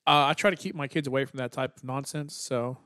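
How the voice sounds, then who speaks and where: A man's voice: medium pitch, fast talker, smooth, no room sound. A middle-aged man hosting a podcast, joking and teasing in casual chat with a laid-back, slightly mumbled voice. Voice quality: mumbly, relaxed voice. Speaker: podcast host. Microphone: studio microphone.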